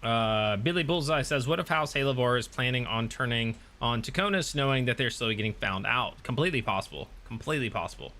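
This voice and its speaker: A man's voice: mid-range voice, brisk, few pauses, pushed and bright. A man hosting a stream, chatting casually and rambling with many restarts while reading chat aloud. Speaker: streamer and host.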